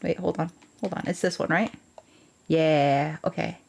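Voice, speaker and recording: A woman's voice: low-pitched, fairly even intonation, measured pace, creaky, darkish tone. A young woman streaming a game, chatting casually with viewers in a playful, rambling way. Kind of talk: casual live-stream chat.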